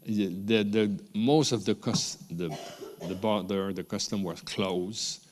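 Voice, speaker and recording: A man's voice: lowish voice, slow pace, a little hiss or hum. French-accented man speaking in a reverberant hall. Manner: rambling, warm asides, frequent restarts and chuckles. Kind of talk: unscripted ceremony speech. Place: large ceremony hall. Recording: long hall reverb from the ceremony room.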